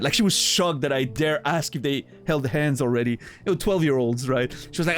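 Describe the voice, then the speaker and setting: A man's voice: fairly high pitch, a little fast, hardly any pauses. Rambling man chatting on stream. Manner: rambling, many restarts and fillers, laughs easily. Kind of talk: casual chat with viewers.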